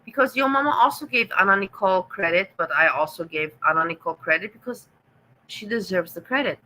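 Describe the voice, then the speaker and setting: Bright-voiced German-accented woman streamer. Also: mid-range voice, lively intonation, fairly quick, rough recording. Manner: sarcastic, teasing, talks straight to chat. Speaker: livestream host reading chat. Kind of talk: casual livestream chat.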